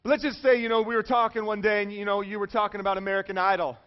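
A man's voice: high-pitched, little pitch movement, rapid-fire, few pauses, smooth, dull audio. A man preaching a sermon in a conversational, jokey way, often checking in with the audience. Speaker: pastor.

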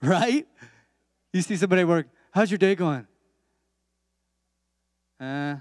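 A man's voice: high voice, brisk, no room sound, clean studio sound. A man preaching a sermon as pastor in a church, emphatic, with repeated calls and amens.

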